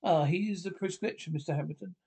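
A man reading the part of a calm family doctor in a radio drama script. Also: high voice, brisk, breathy edge. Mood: reassuring. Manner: reads stage directions aloud before lines.

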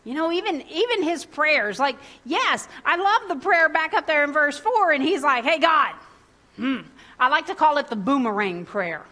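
A woman, preaching a sermon in a lively, conversational way and acting out the people in the story. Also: high-pitched, normal speed. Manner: lively, conversational, acts out biblical characters in casual voices.

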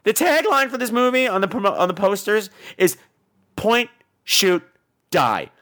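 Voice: mid-range voice, very animated, moderate pace, a bit bright. A podcast host ranting sarcastically about a bad movie, swearing freely and repeating words for emphasis.

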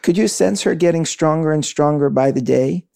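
Host: man, gravelly and mellow, asks reflective questions, dry studio sound. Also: fairly high pitch, moderate pace, no echo. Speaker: interviewer. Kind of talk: interview questions.

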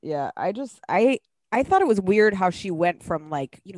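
Animated woman chatting casually. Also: lowish voice, brisk, few pauses, no room sound. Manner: chatty, animated, trails off into "I don't know". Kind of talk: casual chat about a reality show.

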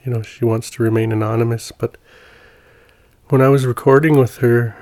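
A man's voice: medium pitch, steady tone, moderate pace, darkish tone, no room sound. A man hosting a podcast and introducing an episode in an earnest, casual way, often restarting his sentences. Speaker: podcast host.

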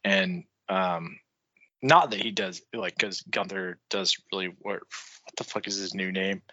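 A man co-hosting a podcast, chatting casually, laughing often and slipping into quick mock voices. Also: deep voice, fairly even intonation, pushed and bright, highs cut off. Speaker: podcast co-host. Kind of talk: casual wrestling chat.

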